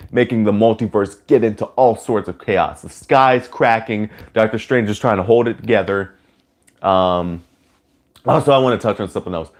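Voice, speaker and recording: Full of "like" and "you know," a man's spoken movie review wanders casually from point to point. Excitement sends him into loud cheers pitched high.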